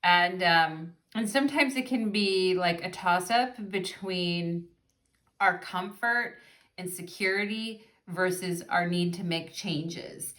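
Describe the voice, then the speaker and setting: A woman's voice: on the low side, a bit bright. Effusive, chatty woman tarot reader. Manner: chatty and effusive, addresses viewers as "you guys"; reads quoted passages aloud from a card guidebook. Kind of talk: casual pick-a-card tarot reading.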